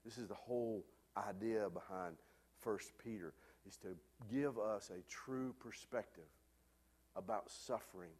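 A man preaching a sermon, telling a lively personal story before turning to a quieter, earnest point. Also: lowish voice, unhurried, slightly rough. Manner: animated storyteller, loud hollering peaks. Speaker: pastor.

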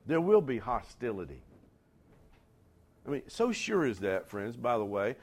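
A man preaching a sermon, talking straight to his congregation with conversational asides and building to forceful emphatic lines. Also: medium pitch, sing-song, measured pace, slightly rough. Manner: rising to emphatic near-shouts on key lines. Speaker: pastor.

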